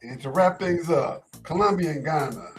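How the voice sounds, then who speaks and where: A man's voice: on the high side, expressive, normal speed, soft background music. A man hosting a casual sports talk show, laid-back, often repeating words as he thinks.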